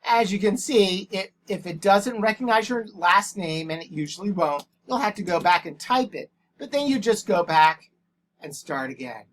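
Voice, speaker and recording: A man's voice: sits high, expressive, moderate pace. A male English teacher giving a screen-recorded tutorial, speaking into a headset microphone and dictating punctuation aloud in a plain, matter-of-fact way. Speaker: English language arts teacher.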